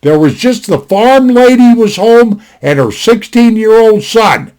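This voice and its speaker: A man with a fairly high voice tells a rambling, folksy story at his desk. He restarts his sentences often and wanders into asides. His delivery stays casual and conversational throughout. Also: lively intonation, measured pace, a little mellow. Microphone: desktop recording.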